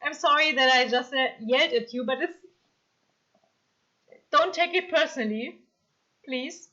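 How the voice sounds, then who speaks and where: High bright German-accented woman streamer. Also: measured pace, lo-fi sound. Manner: chatty, reads chat comments aloud, apologetic and excitable. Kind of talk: casual live-stream chat.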